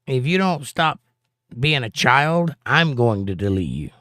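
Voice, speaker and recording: A man's voice: medium pitch, very animated, unhurried, fairly bright tone, dry recording, studio quality. A man hosting a live stream, reading chat aloud and answering with blunt, sarcastic put-downs.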